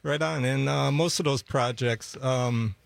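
A man from Milwaukee, a bass player, telling stories in a relaxed radio studio chat, full of "uh" and easy laughs. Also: a little slow, vocal fry. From Milwaukee, Wisconsin. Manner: relaxed storytelling with many fillers and laughs. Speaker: bassist guest. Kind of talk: casual interview chat.

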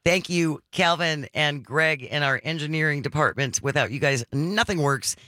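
A man hosting a talk radio show, chatting casually with his co-host and smoothly wrapping up segments. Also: on the high side, normal speed, bright, forceful tone, no room sound, clean studio sound. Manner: easygoing, wraps up segments smoothly.

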